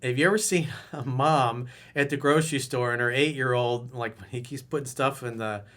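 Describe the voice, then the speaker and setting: A middle-aged man coaching dating in a video advice monologue, blunt and animated, now and then mimicking loud, high-pitched outbursts. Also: normal speed.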